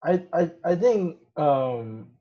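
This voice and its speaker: Halting man talking film, husky voice. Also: fairly high pitch, very animated, mellow. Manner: halting, repeats words, many "you know" fillers. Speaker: film discussion guest. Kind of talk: casual film discussion. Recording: dull lo-fi sound.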